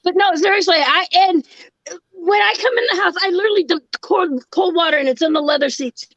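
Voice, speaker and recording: A woman chatting casually as a co-host, telling stories loudly and swearing freely, often breaking into laughter. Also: very high voice, a little fast, no room sound, muffled recording. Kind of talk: casual chat.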